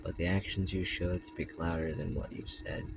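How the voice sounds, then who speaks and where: A man doing a soft-voiced gentle ghost. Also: low-pitched, fairly even intonation, normal speed, soft background music, voice pushed down. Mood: tender.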